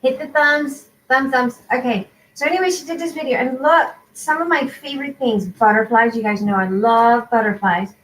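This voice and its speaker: Bubbly crafting streamer lady, spanish is her first language, kinda high voice, echoey room w faint hiss. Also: normal speed, few pauses. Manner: chatty and excitable, greets viewers, mixes in Spanish. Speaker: crafting livestream host. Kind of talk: casual live-stream chat.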